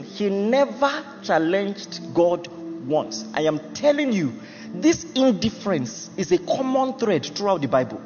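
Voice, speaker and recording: A man's voice: high voice, big pitch swings, moderate pace, a little mellow. A man preaching a sermon, emphatic and laughing at his own jokes as he acts out Bible figures. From Nigeria. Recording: muffled hall recording with music.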